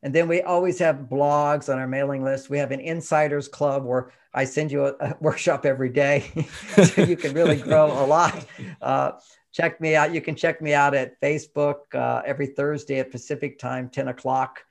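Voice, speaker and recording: Male author guest from Texas, fairly high, gravelly voice, animated and emphatic. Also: moderate pace. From Texas, USA. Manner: emphatic, animated, laughs mid-sentence. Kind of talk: conversational interview.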